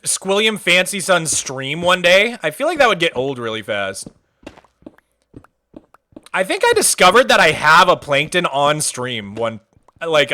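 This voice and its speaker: A male streamer rambles along in chatty, enthusiastic talk. His voice sits somewhat high and moves a lot, with a bright, forward tone. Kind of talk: casual livestream chat.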